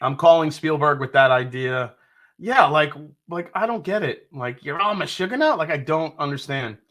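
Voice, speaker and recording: A man's voice: on the high side, expressive, moderate pace, a bit bright. A man from New York hosting a casual live stream, reading out viewer comments, joking, swearing casually and laughing often. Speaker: livestream host.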